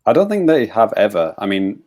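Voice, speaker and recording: A man hosts a casual gaming podcast in a fairly low voice. He sounds laid-back, chuckles often and lets his sentences trail off quietly. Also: very animated, brisk. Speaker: podcast host.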